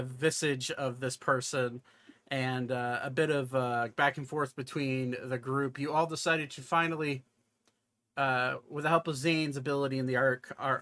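A man acting as game master for a tabletop role-playing session, with a voice of ordinary pitch for a man. He narrates the story and rulings in a loose, halting way, full of filler sounds and self-corrections. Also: sharp tone.

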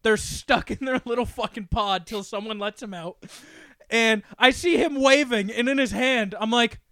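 High-voiced young man, podcast co-host, smooth clean tone, rants and swears a lot. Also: normal speed, no room sound. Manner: ranting, profane, excitable. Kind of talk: casual chat.

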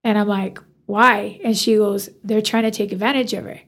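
A woman's voice: medium pitch, a little fast, vocal fry. A woman, a hairstylist, telling a story in a casual interview and acting out the dialogue. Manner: animated, acts out quoted dialogue. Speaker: hairstylist guest.

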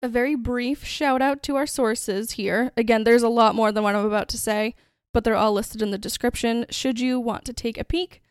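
A woman's voice: on the high side, steady tone, moderate pace, hardly any pauses, clear, resonant tone, no echo, clean studio sound. A woman hosting a true-crime podcast, telling the story in a chatty, conversational way. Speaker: podcast host.

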